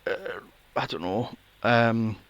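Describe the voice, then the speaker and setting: A man's voice: medium pitch, takes it slowly, a bit bright, clear, resonant tone, lo-fi sound. A man hosting a casual film review podcast, sarcastic and swearing freely. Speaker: podcast host.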